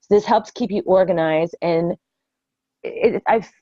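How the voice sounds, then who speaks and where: An older woman giving an earnest, casual training talk on network marketing, often pausing with ums and restarting her sentences. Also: lowish voice, dark tone, dry recording. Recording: dull lo-fi dry sound.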